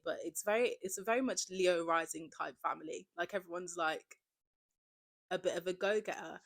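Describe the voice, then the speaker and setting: Young woman, podcast host, lowish voice, loose chatty delivery full of fillers. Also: normal speed. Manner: chatty, many "like" fillers, jumps between loud and soft. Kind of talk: casual confessional chat.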